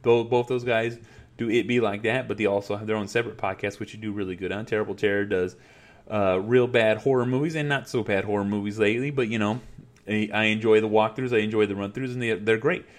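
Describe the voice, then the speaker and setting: A man's voice: fairly low pitch, fairly even intonation, quick pace. A middle-aged man hosting his podcast from home on a headset mic, ranting in a frustrated, profane, rambling way. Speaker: podcast host. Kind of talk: casual ranting monologue. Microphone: headset mic at a laptop.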